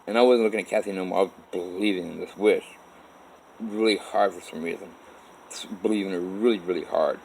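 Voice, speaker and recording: A man tells his own story in a low voice, wandering and swearing as he goes. He often stops and restarts his sentences mid-thought. A faint background hum sits under the recording. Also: steady tone, brisk, vocal fry, darkish tone, poor audio. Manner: rambling, profane, with many restarts. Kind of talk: personal story told to camera.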